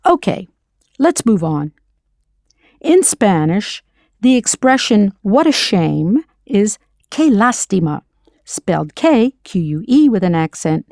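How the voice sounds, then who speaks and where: A woman teaching a scripted audio language lesson, slowly modeling foreign words and spelling them out letter by letter. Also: mid-range voice, a little mellow, dry recording, clean studio sound.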